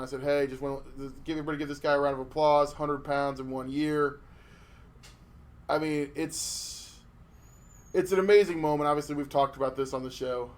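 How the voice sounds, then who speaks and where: A man co-hosting a casual podcast, telling stories in an animated way with lots of swearing and restarts. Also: medium pitch. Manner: animated storytelling with profanity and restarts. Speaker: podcast co-host.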